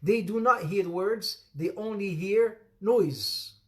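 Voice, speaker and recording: Speaking slowly in a high voice, a man leads an interactive Islamic lesson. He calls students by name, repeats phrases to stress them, and laughs frequently while making joking asides.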